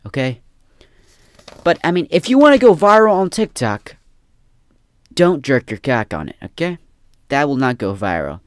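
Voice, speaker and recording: A man's voice: mid-range voice, dry recording, studio quality. A young man ranting in a casual, profane, rambling way, often repeating himself. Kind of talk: casual rant.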